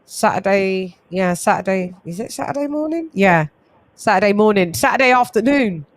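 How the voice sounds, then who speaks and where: A woman runs a casual livestream, chatting loosely and greeting viewers by name as they arrive. She talks at an everyday pitch in a relaxed, conversational way. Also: moderate pace. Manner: chatty, reads chat aloud, greets viewers. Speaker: host.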